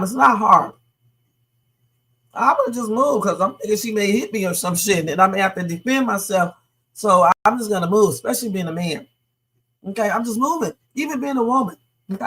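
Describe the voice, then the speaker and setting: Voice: medium pitch, sharp tone. A livestream host giving blunt, profane reaction commentary and talking straight to the viewers.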